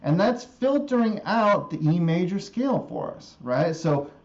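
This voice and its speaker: Guy teaching guitar live, kinda high voice, patient, repeats stuff, guitar plinking behind. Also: very animated, muffled recording. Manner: patient, repeats formulas slowly, checks in with okay. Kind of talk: live-streamed music theory lesson. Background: guitar playing.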